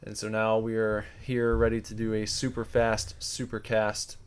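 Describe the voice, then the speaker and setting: A man's voice: on the low side, monotone, moderate pace, clear, resonant tone. A man co-hosting a podcast, chatting loosely and rambling with fillers. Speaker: podcast co-host. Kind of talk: casual podcast chat.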